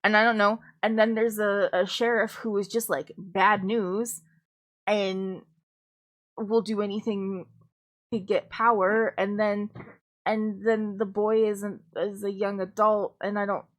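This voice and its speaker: A woman's voice: mid-range voice, fairly even intonation, takes it slowly, long pauses. Woman rambling through a casual stream chat. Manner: rambling, many fillers and restarts, casual swearing.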